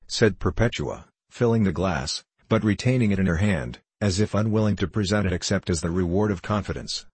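A man narrating a classic novel in a measured, even reading from a close studio mic. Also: low-pitched, slightly rough, no room sound. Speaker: audiobook narrator.

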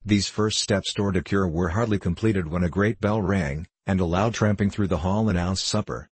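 Brief: deep-voiced male narrator, husky, steady storybook reading. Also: normal speed, dry recording. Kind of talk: audiobook narration.

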